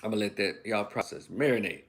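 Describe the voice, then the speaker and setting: A man's voice: lowish voice, lively intonation, fairly quick, creaky, noisy background. A man hosting a livestream commentary monologue, preaching emphatically and firing off rhetorical questions. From Memphis, USA. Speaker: online political commentator.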